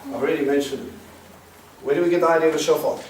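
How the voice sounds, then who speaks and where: Man, Bible teacher, fairly high voice, quizzes the class, very echoey room, distant mic. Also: fairly even intonation, very fast, crowd noise. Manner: explains Hebrew words, quizzes the class. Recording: roomy, distant mic with faint hiss.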